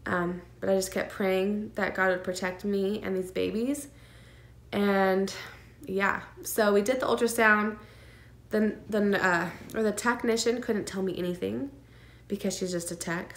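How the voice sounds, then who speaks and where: A woman speaks to her camera in a casual vlog, recounting a personal story. Her delivery is earnest and emotional, full of fillers and nervous little laughs, at a middle pitch. The room around her is echoey. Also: normal speed. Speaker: vlogger sharing her twin pregnancy.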